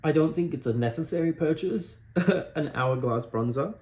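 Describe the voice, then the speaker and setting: A man's voice: on the high side, moderate pace, a little mellow. Campy chatty young man doing makeup. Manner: campy, rambling, gossipy asides. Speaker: drag queen makeup tutorial host. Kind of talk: casual chatty talk while doing makeup. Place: warm room at home.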